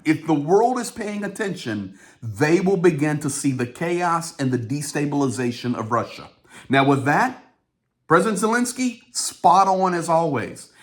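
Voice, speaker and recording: A man hosting his own show, giving a running news commentary in an informal way, talking straight to his audience. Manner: animated, swings up in pitch for quotes. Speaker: host.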